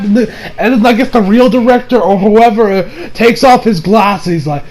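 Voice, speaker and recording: Animated man with a high voice. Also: fairly quick, few pauses. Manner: animated, acts out characters with big voice swings and frequent laughter; swears freely, many fillers. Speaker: anime reviewer. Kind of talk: casual spoken episode review.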